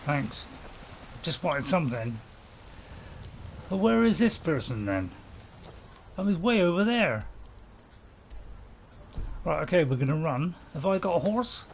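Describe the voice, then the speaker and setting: A man's voice: on the high side, big pitch swings, unhurried, vocal fry, pauses often, slight background noise. A man giving rambling, apologetic let's play commentary as a gaming channel host, chuckling to himself.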